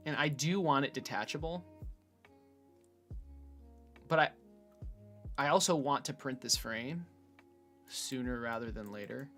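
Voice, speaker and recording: A man thinking out loud in a casual screen-recorded build log, hesitant with many fillers and restarts, from his room at home. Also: medium pitch, a little slow, long pauses, soft background music. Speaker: hobbyist robot builder. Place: bedroom at home.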